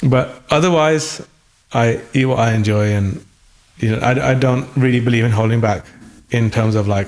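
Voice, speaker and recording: A man's voice: mid-range voice, normal speed, darkish tone. A man in a conversational interview, speaking thoughtfully with hesitant restarts, his voice still recovering after an illness. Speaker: guest musician.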